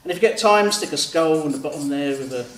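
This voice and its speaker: The author and illustrator's voice is a little high, expressive, and fairly bright, and he talks fast. He chats through a drawing demo step by step and acts out what kids reply. It's recorded in a roomy space by a distant mic, with faint background noise.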